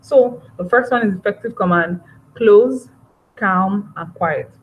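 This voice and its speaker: A woman giving a parenting training talk, lively and acting out parent and child voices as she explains. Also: medium pitch, a little slow, poor audio.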